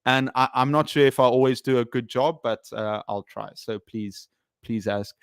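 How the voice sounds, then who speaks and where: Male English teacher chatting on a live stream; hesitant, lots of fillers, smooth tone. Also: mid-range voice, normal speed, dry recording, studio quality. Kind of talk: casual live stream chat.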